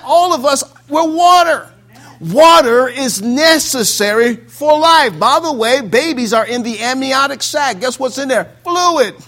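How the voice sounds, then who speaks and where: A man preaching a sermon, fervent and prone to saying amen, swinging between loud exclamations and quiet asides. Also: very high voice.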